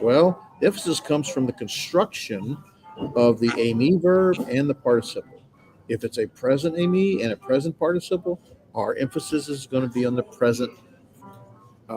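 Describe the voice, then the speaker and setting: A male instructor gives a patient, reassuring classroom lecture in an everyday mid-range voice. He talks things through with plenty of filler sounds as he explains. Music plays clearly behind him. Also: medium pitch, poor audio. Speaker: Greek grammar instructor. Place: classroom with students.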